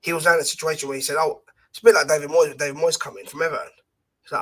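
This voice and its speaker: Fast-talking husky man. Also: on the high side, steady tone, fairly bright tone. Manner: rapid, passionate, argumentative. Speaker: guest football fan pundit. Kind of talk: casual podcast debate.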